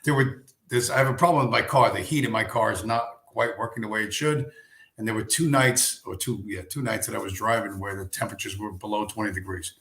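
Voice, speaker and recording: A man's voice: on the low side, fast talker, a bit bright, roomy sound. A man hosting a casual livestream, rambling and telling a story with lots of swearing, fillers and restarts. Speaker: livestream host. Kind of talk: casual chat stream.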